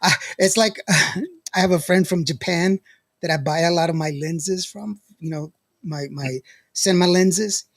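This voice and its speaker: A man's voice: on the high side, a little slow, no room sound, studio quality. A man hosting a podcast in casual chat, rambling and laughing often as he reads out live comments. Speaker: podcast host.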